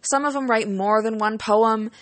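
A woman's voice: fairly high pitch, steady tone, moderate pace, fairly bright tone, dry recording. Chatty young woman telling a story. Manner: chatty and emotional, heavy on "like" and "you know"; swears casually. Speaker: student teaching partner. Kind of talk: casual storytime vlog.

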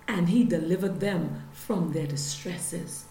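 A woman's voice: fairly low pitch, dark tone. Woman preacher, emphatic sermon delivery, echoey room. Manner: slow, emphatic preaching with scripture reading. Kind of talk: testimony and sermon.

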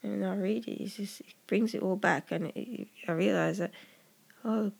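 A gravelly, husky voice talks through a personal poem in an earnest, reflective monologue. The delivery is halting, with restarts and frequent drops into a breathy whisper. It sounds like a poet working through their own words aloud. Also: medium pitch.

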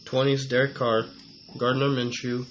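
A man co-hosting a casual sports rankings chat, reading long lists of names in a halting, methodical way. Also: medium pitch, fairly even intonation. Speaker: co-host. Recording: slightly dull audio, faint noise.

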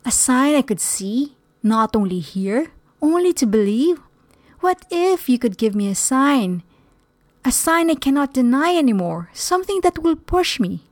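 A troubled young man pleads for a sign and doubts every answer, as a woman reads his part. The voice swings high and low and takes its time. It sounds dry and close. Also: very animated, a little slow, no room sound, full character voice. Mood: pleading.

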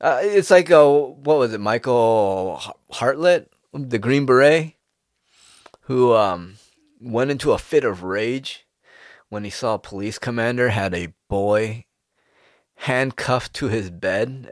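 A man's voice: on the low side, unhurried, dry recording, clean studio sound. A man ranting in a casual monologue, swearing freely and firing off rhetorical questions. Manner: animated, profane, rhetorical questions.

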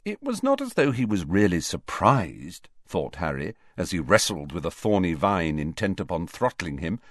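A man narrating an audiobook with expressive storytelling. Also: sits low, moderate pace, no echo, studio quality.

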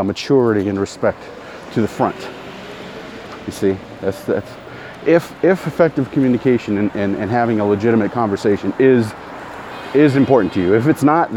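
Low-voiced man rambling outdoors. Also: darkish tone. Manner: rambling, self-correcting, greets passersby. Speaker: podcast host. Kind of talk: casual walking podcast monologue. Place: outdoors in a town, walking. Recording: outdoor street noise. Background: traffic and street sounds.

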